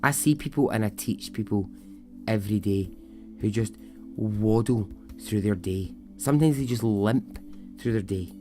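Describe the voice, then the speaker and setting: An earnest male teacher explains a life lesson in slow, measured words, as a storyteller quotes him. His voice sits somewhat low. He comes across as thoughtful and sincere. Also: darkish tone, faint music behind, close to an everyday voice. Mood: reflective.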